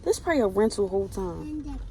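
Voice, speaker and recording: A young woman in her twenties from Baltimore, with a Baltimore accent, telling stories in an animated, slangy vlog chat from her car. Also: medium pitch, fairly quick. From Baltimore, Maryland. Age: 20s. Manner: animated storytelling, loud put-on shouting in retold quotes, swearing slang. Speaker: vlogger. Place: in a car and around town. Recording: noisy phone vlog with car and street noise.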